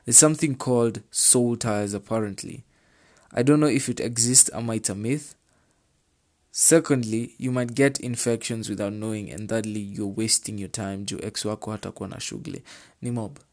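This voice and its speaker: A man with a Kenyan accent reads out viewer relationship advice and comments on it in a casual chat. His voice is fairly low and darkish, with fairly even intonation and a normal pace. He repeats points for emphasis and drops into Swahili slang.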